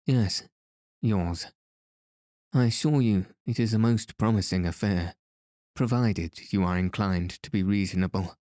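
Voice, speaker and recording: A sly, menacing ex-detective around forty, read by a man. He speaks coolly and insinuatingly in a low, mellow voice at an unhurried pace, with a dry, close sound. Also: dry recording, natural voice. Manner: cool, insinuating, threatening.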